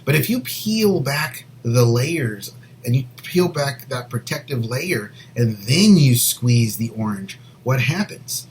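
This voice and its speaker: A man co-hosting a Christian show, sharing a personal faith story in an earnest, rambling way and sometimes dropping to a soft near whisper. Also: mid-range voice, expressive, slow pace, slight background noise, poor audio. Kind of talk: personal faith testimony, casual chat.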